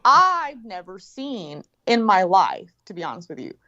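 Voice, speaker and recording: A middle-aged woman telling a story in casual chat, animated and profane, acting out what people said. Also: medium pitch, a little slow. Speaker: guest. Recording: dull lo-fi sound.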